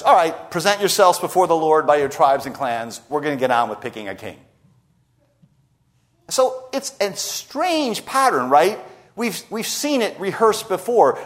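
A man preaching a sermon, retelling a scripture story and voicing the people in it. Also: fairly high pitch. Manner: lively storytelling preacher, voicing quoted speakers. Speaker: pastor.

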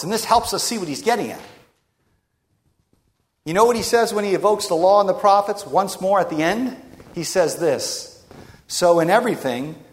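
A man preaching a sermon in an emphatic, rhetorical way with dramatic pauses. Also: high-pitched. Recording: long reverb of a large hall.

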